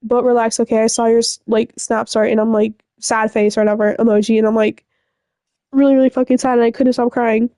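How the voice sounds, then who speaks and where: A woman's voice: a little high, flat delivery, brisk, mellow, no echo, clean studio sound. A young woman telling a breakup story to the camera in a rambling, upset way, full of fillers and swearing. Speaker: vlogger. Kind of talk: casual storytime rant.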